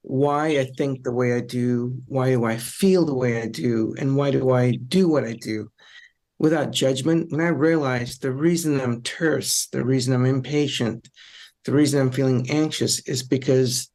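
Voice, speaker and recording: A man's voice: medium pitch, a little mellow. A middle-aged man, a psychologist on a discussion panel, explaining in a reflective, conversational way with frequent ums and repeated phrases.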